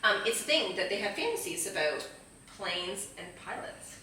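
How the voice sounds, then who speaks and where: Bright-voiced giggly woman, echoey and distant. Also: mid-range voice, sing-song, normal speed, slight background noise. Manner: giggly, uses lots of "like" fillers. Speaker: podcast co-host. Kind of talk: casual chat. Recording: echoey distant room with poor sound.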